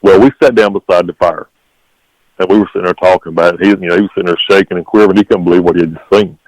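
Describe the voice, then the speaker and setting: A man's voice: sits low, steady tone, rapid-fire, a little mellow, no room sound, low-quality recording. A man, a guest telling his encounter story in a rambling, repetitive way. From North Carolina. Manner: rambling, repeats "literally" and "okay?".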